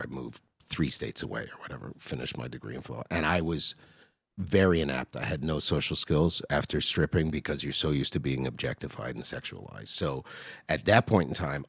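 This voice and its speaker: A Canadian comedian with a gravelly, very deep voice tells crude, blunt stories as a guest on a casual podcast, dropping to a low, hushed voice for confessions. There is no echo.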